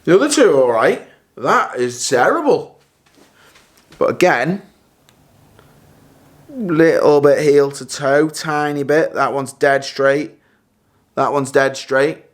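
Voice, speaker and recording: A man's voice: medium pitch, takes it slowly, long pauses. A man in a casual golf vlog, chatting and reacting as he hits practice shots, sometimes a bit out of breath. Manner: chatty, self-critical, bursts of excited exclamations. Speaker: golf vlogger. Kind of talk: casual vlog commentary while hitting shots.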